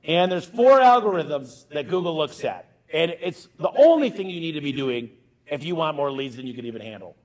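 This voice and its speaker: A middle-aged man giving an energetic conference keynote from a stage, punchy and emphatic, talking straight to the crowd. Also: a little high, moderate pace, low-quality recording. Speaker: keynote speaker.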